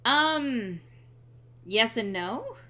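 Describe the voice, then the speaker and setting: A woman's voice: on the high side, lively intonation, very slow, pushed and bright. A young woman streaming a game, chatting casually with sarcastic asides and frequent ums. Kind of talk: casual let's-play chat.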